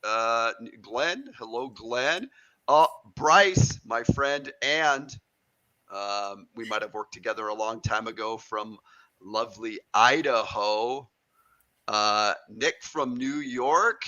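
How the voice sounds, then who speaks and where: A man hosting a live stream, greeting viewers in a friendly, halting way with many uhs. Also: mid-range voice, pushed and bright, lo-fi sound. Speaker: host. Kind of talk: live-stream shout-outs. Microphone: video call.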